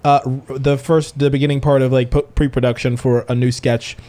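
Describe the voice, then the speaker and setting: A man's voice: mid-range voice, flat delivery, brisk, mellow. A man co-hosting a podcast in casual chat, joking and playful. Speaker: podcast co-host.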